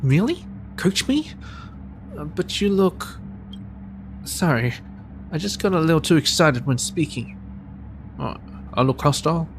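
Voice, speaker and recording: A man's voice: on the high side, big pitch swings, unhurried, pauses often, a little hiss or hum. A man voicing a blunt, prickly young woman researcher who is secretly socially awkward, brusque one moment and flustered the next. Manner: brusque, then flustered and rambling.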